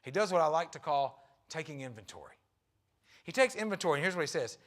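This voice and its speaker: A man's voice: a little high, big pitch swings, fast talker, fairly bright tone. A man preaching a sermon in a church, a husband and father who talks in a conversational way and acts out the quotes in his story. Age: young adult to middle-aged, a father. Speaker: guest preacher. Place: church sanctuary.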